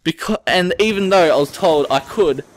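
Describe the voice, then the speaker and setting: A man's voice: sits high, normal speed. A young Australian man in his late teens, telling a story in a casual rant over gameplay, swearing often and restarting his sentences. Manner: swearing, animated, rambling with restarts. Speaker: gaming channel host.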